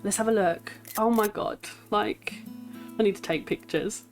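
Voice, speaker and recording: A woman giving excited gameplay commentary as a gaming YouTuber, gushing with nervous laughter and squealing bursts of joy. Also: mid-range voice, moderate pace, soft background music, rough recording.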